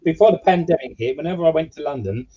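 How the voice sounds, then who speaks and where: A man hosts a casual interview with friendly, eager questions. He talks quickly in a husky, mellow voice with a lively pitch, over dull lo-fi audio. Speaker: interview host.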